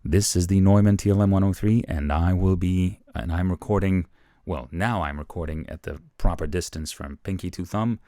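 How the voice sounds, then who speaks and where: Very deep-voiced man demonstrating microphones. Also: normal speed, dark tone. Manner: chatty, explains while moving toward and away from the mic. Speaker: voice-over artist teaching about microphones. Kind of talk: casual demonstration lesson. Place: small untreated room with lively reflections. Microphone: studio microphones tested at changing distances.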